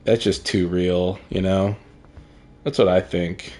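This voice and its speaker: A man's voice: deep voice, steady tone, slow, a little mellow. A man giving casual gameplay commentary, rambling, crude and sardonic as he plays. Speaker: gaming streamer.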